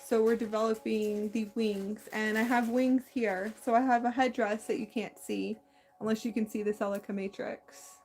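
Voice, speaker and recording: A woman hosting a spiritual talk, speaking in a meandering, halting way with many restarts and a slight lisp. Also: a little high, fairly even intonation, a little mellow. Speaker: spiritual channel host. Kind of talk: casual spiritual monologue.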